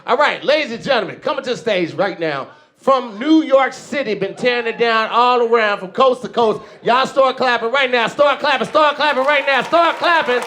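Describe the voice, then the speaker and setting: A man hosting a comedy show, shouting and hyping the crowd between acts. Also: very high voice, lively intonation, normal speed. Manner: shouting, hyped. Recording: live club with noisy crowd. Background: crowd cheering.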